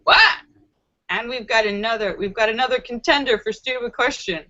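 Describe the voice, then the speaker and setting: A woman's voice: a little high, brisk, a bit bright, muffled recording. A woman hosting a casual live stream and reading viewer comments aloud, playful and sassy, with frequent laughter and joking asides.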